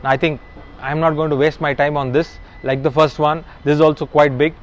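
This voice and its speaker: A man's voice: fairly high pitch, level tone, fairly quick, highs cut off, lightly acted. A man voicing a nervous young village suitor who talks hesitantly, half to himself.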